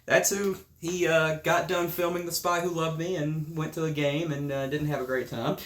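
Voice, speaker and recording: A man's voice: a little high, flat delivery, moderate pace, fairly bright tone, reverberant. A man hosting a podcast, chatting casually in a joking, rambling way. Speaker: podcast host. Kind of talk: casual chat.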